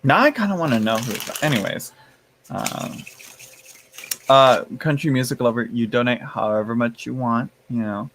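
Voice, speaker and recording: Man, livestream host, casual chat, laughs often, reads chat aloud, mid-pitched voice. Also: normal speed, fairly bright tone, a little hiss or hum.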